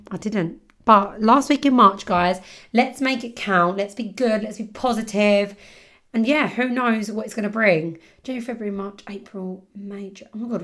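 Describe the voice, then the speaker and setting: A young woman hosts her own podcast, chatting casually and rambling with lots of "like", her voice a little rough from a sore throat. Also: medium pitch, fairly bright tone. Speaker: podcast host. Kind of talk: casual solo podcast chat.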